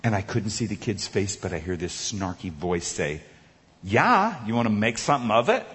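A male preacher telling a funny story in a sermon, animated and acting out the characters. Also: sits high, background noise. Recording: echoey large hall.

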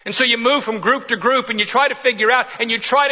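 A man preaching a sermon with passion, swinging from urgent pleading to hushed, quiet lines. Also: very high-pitched, steady tone, fast talker, hardly any pauses. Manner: impassioned, swings from loud pleading to hushed near-whispers.

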